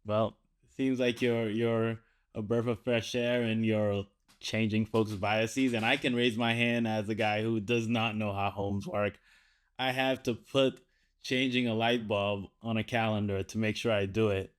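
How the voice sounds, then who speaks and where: A man's voice: fairly low pitch, fairly even intonation, measured pace, smooth. A man hosting a podcast, chatty and self-deprecating, who laughs easily. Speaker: podcast host. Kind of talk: casual podcast conversation.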